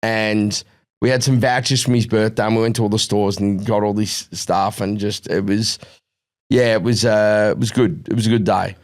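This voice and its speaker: Aussie bloke on a podcast, middle aged, rambling funny parenting story, does the voices. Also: male voice, lowish voice, moderate pace. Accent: Australian. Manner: animated storytelling, acts out quotes. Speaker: podcast co-host. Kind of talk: casual chat.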